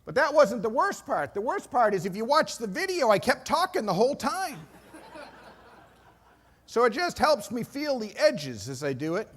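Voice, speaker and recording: A middle-aged man from Maine giving an energetic, self-deprecating keynote speech in a conference hall. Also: very high voice, moderate pace, husky. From Maine, USA. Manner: excitable, self-deprecating storyteller. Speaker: keynote speaker.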